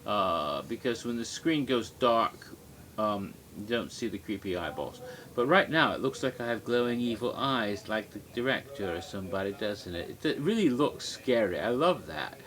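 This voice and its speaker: A man's voice: on the low side, animated, moderate pace, a bit bright. A man rambling tipsily to his webcam in a casual monologue, easily sidetracked and giggly. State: tipsy. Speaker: vlogger.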